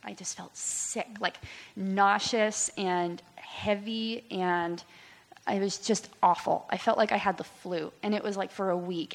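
A young woman in her twenties gives a personal testimony to a church, candid and halting, full of "like" and "um". Her voice sits at an ordinary middle pitch. The sound rings with the long reverb of a large hall. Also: vocal fry. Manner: candid, halting, many fillers. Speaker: church speaker giving testimony.

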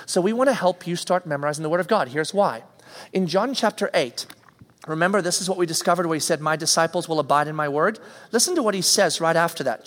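A man gives a conversational sermon, voice sitting a touch higher than usual. He acts out everyday reactions as he preaches. A long hall reverb trails behind every line. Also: a bit bright.

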